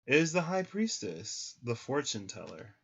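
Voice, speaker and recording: A man's voice: medium pitch, very animated, measured pace, vocal fry, breathy edge. A man giving a casual livestream tarot reading, thinking aloud with many ums. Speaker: tarot reader. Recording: slightly muffled lo-fi audio.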